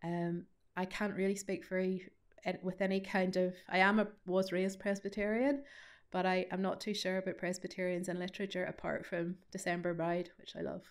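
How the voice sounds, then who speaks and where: A woman's voice: on the low side, flat delivery, normal speed. A woman with a Northern Irish Ballymena accent, an author answering questions at a study day in a chatty, self-deprecating way with lots of asides. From Northern Ireland. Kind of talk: conversational Q&A answer.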